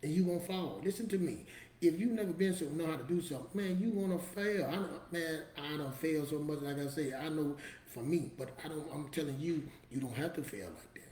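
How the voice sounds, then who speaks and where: A man's voice: a little high, fairly quick, a little mellow, roomy sound, a little hiss or hum. A man giving a motivational talk to camera in a preachy, emphatic, street-casual storytelling manner. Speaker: motivational vlogger.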